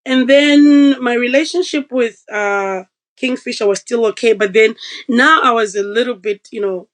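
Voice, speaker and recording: Woman guest, slightly high voice, animated storyteller who acts out quotes. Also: normal speed, low-quality recording. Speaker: podcast guest. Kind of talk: casual storytelling.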